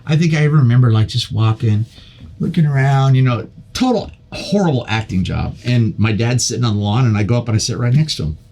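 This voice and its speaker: An older man, guesting on a podcast, tells a long story in a casual, animated way, full of repeats and restarts. His voice is medium-pitched and his pace fairly quick.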